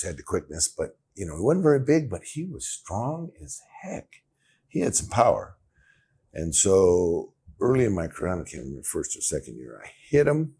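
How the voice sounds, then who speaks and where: A man in his sixties from California, a guest telling animated stories in a casual interview, laughing often. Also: sits low, slightly rough. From California, USA. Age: 60s. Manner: animated storyteller, laughs often, acts out quotes. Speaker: interview guest, former pro football player.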